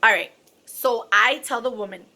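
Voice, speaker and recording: A chatty woman recounting a story to her viewers, loose and dramatic with plenty of fillers. Her voice sits a little high and sounds bright and forward. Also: normal speed, gravelly. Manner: chatty and dramatic, many fillers, self-described extra. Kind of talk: casual storytime vlog.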